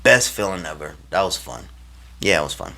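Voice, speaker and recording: A man casually telling a personal story to camera, animated and slangy, acting out the lines he and others said. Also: low voice, a little fast, vocal fry. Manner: animated, acts out his own and others' quoted lines; slangy, loose phrasing with many fillers.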